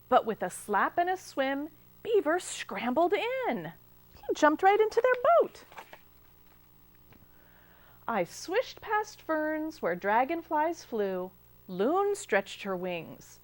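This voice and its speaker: A children's librarian reads a picture book aloud with a high, bouncy voice full of swoops. She takes her time, gasping and asking the young listeners questions as she goes. Her tone is expressive and playful. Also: takes it slowly, no echo. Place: cable TV studio.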